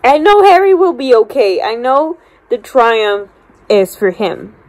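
A woman chatting in a casual vlog, animated and swearing freely as she reacts to a book. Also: fairly high pitch, unhurried, a little hiss or hum. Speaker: book vlogger.

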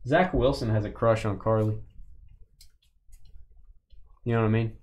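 A man's voice: on the low side, fairly even intonation, a little slow, a little hiss or hum. Man, card break host, teasing, joking banter, hypes the big pulls. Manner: jokey, teasing, loud when calling out big pulls.

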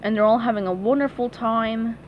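A chatty woman walks through a kids' picture book page by page, gushing and laughing lightly as she goes. Her voice sits a little high. The audio is dull and lo-fi with a faint hiss behind it. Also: brisk. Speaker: book reviewer. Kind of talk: casual book review.

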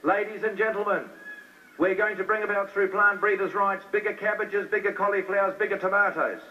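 A man's voice: high-pitched, steady tone, fairly quick, slight background noise, close to an everyday voice. A man voicing a smug male official who promotes a bill, heard on a distant lo-fi recording. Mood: boasting.

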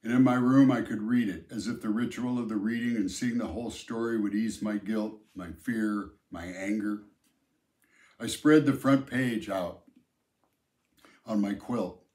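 A man reading a novel aloud in the first person, with a measured, plain delivery. His voice sits on the low side, and the recording has a noticeable room echo. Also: a little mellow. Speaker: audiobook narrator. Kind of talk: first-person audiobook narration. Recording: roomy echo.

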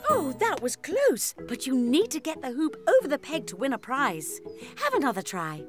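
A woman voicing a kindly, wise grown-up aunt in a children's cartoon, speaking gently in a singsong way. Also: sits high, wildly swooping pitch, normal speed. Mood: encouraging. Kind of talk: cartoon voice acting. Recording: music playing behind.

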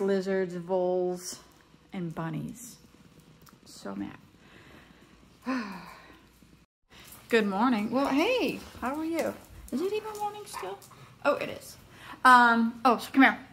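A woman's voice: mid-range voice, vocal fry, pushed and bright, slight background noise. A middle-aged woman vlogging casually outdoors in her backyard, chatting to viewers and calling to her cat. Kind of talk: casual vlog chat.

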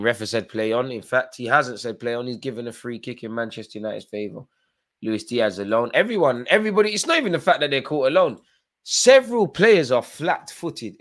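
A man's voice: medium pitch, a bit bright. A tired man hosting a live football watchalong, chatting through play-by-play with fan reactions. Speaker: watchalong host.

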